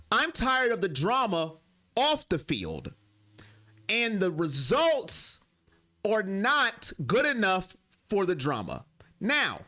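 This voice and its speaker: A young man hosting a sports live stream, reading and answering viewer comments, swinging between heated rants and quiet apologies. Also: very high voice.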